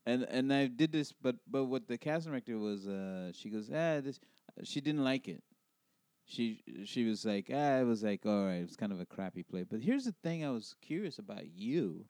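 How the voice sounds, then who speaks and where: A man's voice: medium pitch, normal speed, no room sound, studio quality. A man from the Caribbean, an actor and podcast guest, telling anecdotes in casual chat and laughing often as he talks. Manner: laughs often, animated retelling.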